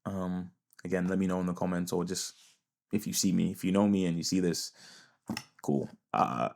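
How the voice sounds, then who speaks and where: A man's voice: sits low, fairly even intonation, moderate pace, creaky, darkish tone. A young man vlogging a hesitant, rambling reflective monologue, often trailing off and repeating himself.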